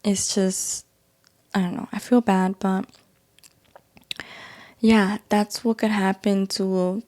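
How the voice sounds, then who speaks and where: A young woman shares her own story in a casual, halting way, full of fillers and restarts. Her voice sits at a middle pitch with a warm, mellow, unforced tone. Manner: hesitant, many fillers and restarts, soft-spoken. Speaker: podcast host sharing her testimony. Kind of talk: personal testimony, casual storytelling.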